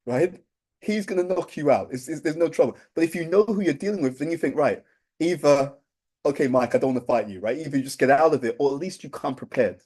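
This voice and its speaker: A man's voice: medium pitch, darkish tone. A man giving an informal spiritual talk, speaking conversationally, often restarting phrases and checking in with "right?".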